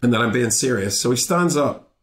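A man tells a story in an interview, jumping into the voices of everyone involved. His pitch sits in an ordinary middle range. He talks casually and swears freely, and the room gives his voice a noticeable echo. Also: brisk. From Belfast, Northern Ireland. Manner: animated retelling, acting out both sides of the exchange. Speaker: guest comedian. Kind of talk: conversational storytelling in a podcast interview.

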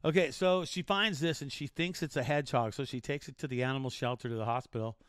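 A man's voice: medium pitch, quick pace, a bit bright, no echo, clean studio sound. A man hosting a casual show, joking and rambling through odd news stories with restarts. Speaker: show host.

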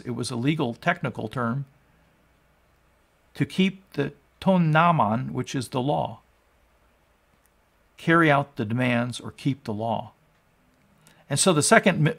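A man in his sixties, a pastor preaching, moving from quiet teaching to loud, fervent proclamation. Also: a little high, vocal fry. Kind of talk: sermon.

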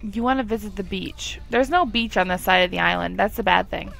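Giggly young woman with a gravelly voice. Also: medium pitch, fairly even intonation, a little fast, fairly bright tone, a little hiss or hum. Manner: chatty, giggly, talks to the game characters. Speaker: gameplay commentator. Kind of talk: casual let's play commentary.

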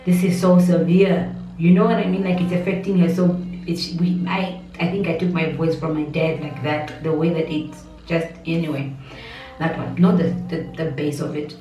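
Woman softly telling a painful story. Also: low voice, moderate pace, faint music behind. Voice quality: steady voice that does not break. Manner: rambling, emotional, with many restarts and asides. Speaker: vlogger. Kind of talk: personal storytelling vlog. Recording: muffled, roomy, slightly distant.

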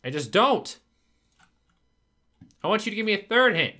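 A man's voice: high-pitched, sing-song, moderate pace, pushed and bright. A man narrating his own gameplay, frustrated and swearing as he talks to himself. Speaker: gaming video creator. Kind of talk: gameplay commentary.

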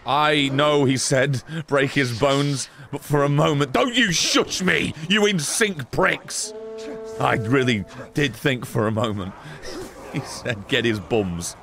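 A man giving live gameplay commentary, excitable, swearing and bursting into laughter. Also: medium pitch, slow, vocal fry. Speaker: gaming streamer.

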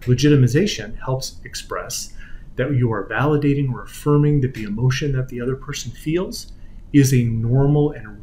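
A man giving a conference lecture on patient communication in an explanatory way, often trailing off softly at the ends of phrases and now and then acting out quoted voices. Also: medium pitch, slight background noise, rough recording. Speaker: physical therapy lecturer.

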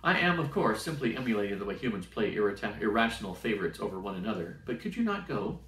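A man's voice: fairly low pitch, very animated, quick pace, fairly bright tone. A man reading aloud and voicing a polite, literal-minded starship AI in a formal, precise and fretful manner. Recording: roomy sound from a distant mic.

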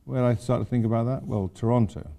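A man's voice: medium pitch, steady tone, fast talker, creaky, dark tone. An older man giving an informal architecture lecture to students, rambling with wry, self-deprecating asides. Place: lecture hall at a university.

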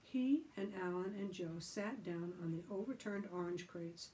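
A woman who reads a chapter book aloud for a library, in slow, steady storytelling. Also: lowish voice, slight background noise. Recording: voice from a distant mic.

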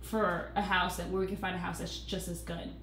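A woman's voice: fairly low pitch, flat delivery, brisk, fairly bright tone, roomy sound, slight background noise. A woman in her late twenties with a slight Southern country accent, co-hosting a casual live Q&A and chatting with frequent laughs. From Virginia, USA. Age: 20s. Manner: chatty, laughs often, trails off mid-sentence. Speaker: co-host of a couple's channel.

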